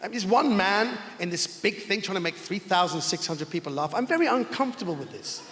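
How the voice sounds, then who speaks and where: A man's voice: sits high, fairly quick. A man doing self-mocking stand-up comedy on a large theatre stage with a stage mic. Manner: animated, self-mocking storytelling. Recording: echoey hall, loud crowd laughter.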